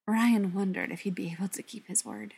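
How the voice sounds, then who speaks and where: A woman narrates a story in an even, steady way, her voice breathy and husky. Her pitch sits in the middle of the usual range for a woman. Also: brisk. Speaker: audiobook narrator. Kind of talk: scripted narration.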